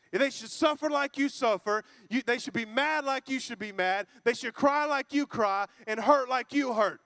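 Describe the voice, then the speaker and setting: A man preaching a lively, joking sermon to a church congregation, acting out quoted voices. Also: very high-pitched, vocal fry, dry recording, clean studio sound. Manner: playful, acts out quoted voices.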